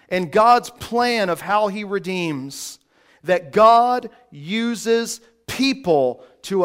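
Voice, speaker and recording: Slow, emphatic male preacher. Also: high-pitched, fairly bright tone. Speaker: pastor. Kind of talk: sermon.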